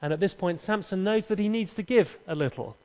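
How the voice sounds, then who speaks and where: A man's voice: high-pitched, a little fast, a little mellow. A man preaching, telling a scripture story dramatically with humorous asides, in an echoey church hall. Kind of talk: sermon with acted dialogue. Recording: echoey, dull hall recording.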